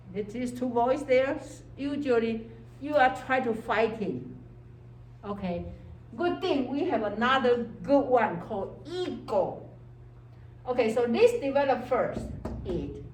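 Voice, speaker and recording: A woman's voice: fairly high pitch, distant mic, a little hiss or hum. A woman lecturing on psychology to a class. She speaks English with non-native grammar and keeps checking in with "okay?" while acting out inner voices. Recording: echoey classroom heard from afar.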